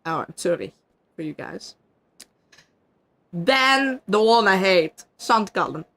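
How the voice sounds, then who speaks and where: A woman's voice: mid-range voice, expressive, takes it slowly, fairly bright tone. A young adult woman from Switzerland with a Swiss German accent, chatting casually on stream, laughing often and swearing freely. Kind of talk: casual chat.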